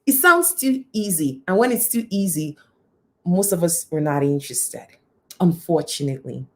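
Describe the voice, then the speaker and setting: A woman's voice: lowish voice, animated, moderate pace, fairly bright tone. Woman, motivational speaker, repetitive and emphatic. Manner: emphatic, repeats phrases for effect. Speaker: guest speaker and coach. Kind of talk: motivational talk.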